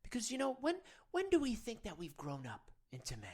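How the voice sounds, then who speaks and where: A man's voice: high-pitched, wildly swooping pitch, a little fast, slightly rough, heavily acted. A man playing a self-serious male men's-wellness guru, leading a parody of a guided meditation in an earnest, coaxing, rambling way.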